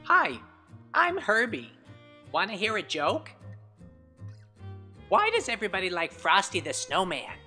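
A woman's voice: mid-range voice, wildly swooping pitch, a little slow, pauses often, pushed and bright, faint music behind, pitched below the performer's own voice, exaggerated voice. A woman voicing a cheerful character named Herbie who tells a playful joke to children.

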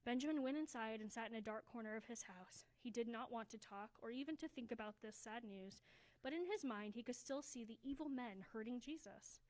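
A woman reading a children's story aloud at a church service, slowing down for emphasis and dropping to a hush. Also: a little high, low-quality recording. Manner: expressive, slows down for emphasis, drops to a hushed voice.

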